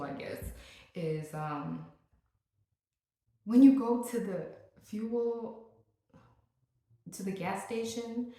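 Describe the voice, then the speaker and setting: A woman's voice: medium pitch, warm tone. A young woman vlogging in a casual, joking rant, full of playful asides. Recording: very echoey room.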